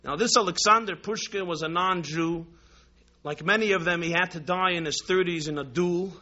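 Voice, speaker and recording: A man from New York, a rabbi, telling a story in a sermon, animated and repetitive with frequent restarts. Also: sits high, moderate pace, lo-fi sound.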